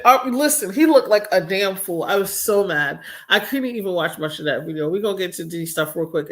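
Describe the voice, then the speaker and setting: A young woman talks straight into her computer mic on a live stream. She is chatty and a little exasperated, with plenty of slang and asides to her viewers. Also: deep voice. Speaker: live-stream commentary host. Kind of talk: casual live-stream commentary.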